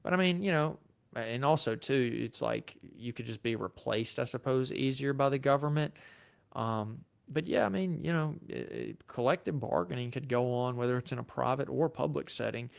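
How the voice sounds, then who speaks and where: A man with a Southern US accent hosts a live Q&A and answers viewer questions in a loose, conversational way. His voice is gravelly at the bottom yet smooth and resonant, and it sits at a medium pitch. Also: moderate pace. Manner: casual and chatty, thinks aloud with fillers and restarts. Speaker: lawyer hosting a livestream. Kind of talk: live Q&A, reading viewer comments.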